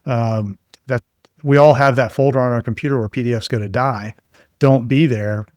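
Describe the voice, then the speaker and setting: A man being interviewed as a guest expert, telling relaxed anecdotes full of fillers in a conversational way. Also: mid-range voice, moderate pace, no echo, studio quality.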